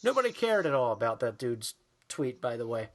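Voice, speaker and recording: A man's voice: mid-range voice, sing-song, a little fast. A man co-hosting a podcast in casual, profane chat, ranting and mocking people in put-on voices. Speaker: podcast co-host.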